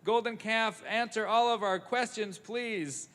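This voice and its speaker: A man's voice: high voice, a little slow, a bit bright, pitched above the performer's own voice. Brief: fickle storybook crowd, as a man voices them, echoey sanctuary. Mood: pleading. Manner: pleading, overexcited. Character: crowd of panicky, fickle Israelites.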